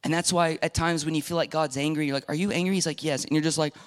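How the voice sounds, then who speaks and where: A middle-aged man preaching a sermon as pastor, emphatic and animated, acting out quoted voices and dropping at times to a whisper. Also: fairly high pitch, fast talker, clean tone.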